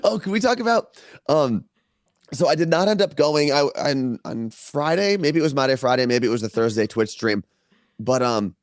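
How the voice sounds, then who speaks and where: A man's voice: medium pitch, lively intonation, normal speed, no echo, studio quality. Rambling, laughing male podcast host. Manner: rambling storyteller, laughs often. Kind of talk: casual chat.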